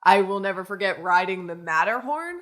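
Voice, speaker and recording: A woman co-hosting a podcast, telling a funny anecdote in an animated way while laughing. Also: mid-range voice, brisk. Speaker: podcast co-host. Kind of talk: casual chat.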